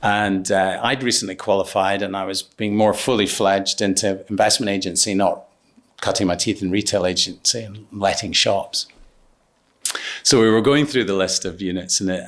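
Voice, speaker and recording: Middle-aged businessman guest, lowish voice, halting anecdotal delivery. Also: fairly bright tone. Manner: hesitant, many ums and restarts. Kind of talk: anecdotal interview storytelling.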